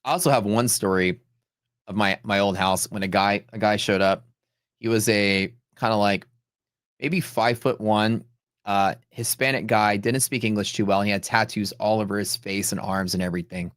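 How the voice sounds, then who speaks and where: A man's voice: on the low side, steady tone, normal speed, a bit bright, no echo, clean studio sound. A man hosting a live trading stream, telling rambling stories in a casual, chatty way with lots of "like" and "dude". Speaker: livestream host and futures trader.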